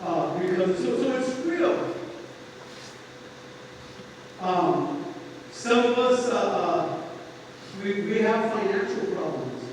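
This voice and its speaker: High-voiced pastor echoing in a hall. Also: male voice, very animated, slow pace, long pauses. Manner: earnest, conversational preaching with homey humor. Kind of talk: informal sermon. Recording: echoey hall, voice from far off, faint noise.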